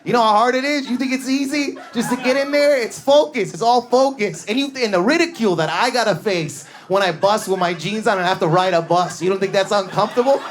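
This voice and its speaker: High-energy male stand-up comic. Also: brisk, hardly any pauses. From Canada. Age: 30s. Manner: high-energy, animated storytelling with sudden volume swings and acted-out voices. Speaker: stand-up comedian. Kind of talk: stand-up comedy set. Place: comedy club stage with a laughing audience.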